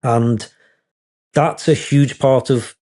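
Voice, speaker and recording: Man, mellow voice, rambling, self-deprecating, candid interview guest. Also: medium pitch, steady tone, takes it slowly. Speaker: wedding photographer guest.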